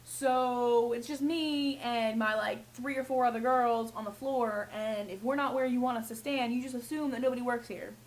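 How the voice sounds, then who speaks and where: A woman's voice: a little high, steady tone, normal speed, few pauses, poor audio. A young woman who works in retail, ranting casually and with swearing about customers, often mimicking them. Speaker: retail worker. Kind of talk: casual vlog rant.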